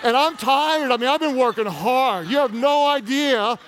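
A man's voice: very high voice, normal speed, a bit bright, slight background noise. A man preaching a humorous sermon as pastor, playful and teasing with the congregation. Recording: long reverb of a large hall.

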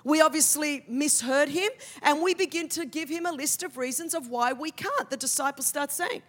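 High-voiced woman preaching a lively sermon. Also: fairly quick, few pauses. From Australia. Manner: animated, comic asides, builds to loud declarations. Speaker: pastor.

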